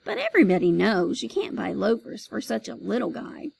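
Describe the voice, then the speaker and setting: A woman, a teacher, reading a children's chapter book aloud with expressive storytelling. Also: medium pitch, a little fast, gravelly, slightly rough, low-quality recording.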